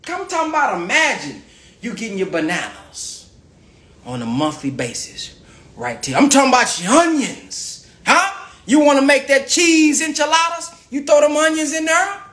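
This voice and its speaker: Lively man hyping his viewers. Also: very high voice, normal speed, roomy sound. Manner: emphatic, repetitive, calls out to the audience. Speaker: livestream host promoting a farm venture. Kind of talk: animated motivational pitch to live viewers.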